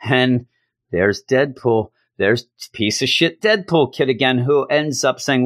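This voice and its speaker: A man's voice: medium pitch, takes it slowly, no echo, studio quality. A man giving a casual spoken comic book review, blunt and exasperated, with casual swearing.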